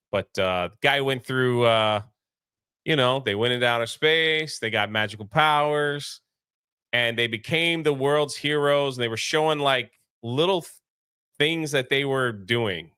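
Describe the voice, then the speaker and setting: A man's voice: mid-range voice, pushed and bright, clean tone, no echo, clean studio sound. A man co-hosting a casual movie review chat, talking in a rambling, laid-back way with many fillers. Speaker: co-host of a movie review show.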